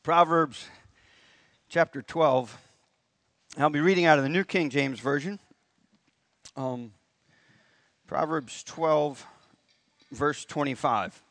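A man's voice: fairly high pitch, slow, long pauses, fairly bright tone, dry recording. A man preaching a sermon in church, in a folksy manner with rising emphasis on key points. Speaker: pastor. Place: church sanctuary.

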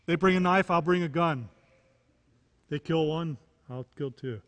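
A man's voice: a little high, a little slow, a bit bright, in a large hall. A man preaching a sermon, repeating key phrases and rising into emphatic questions. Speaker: pastor.

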